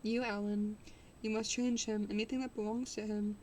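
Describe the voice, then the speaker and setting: A woman reading the lines of a desperate young gentleman aloud from a novel, urgent and pleading, with small slips. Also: medium pitch, flat delivery, moderate pace, a little hiss or hum, lightly acted.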